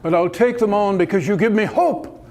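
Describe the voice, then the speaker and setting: A man's voice: high voice, brisk, darkish tone, pitched above the performer's own voice. A man voicing a gracious, witty older woman in a told story, with a dry, amused delivery.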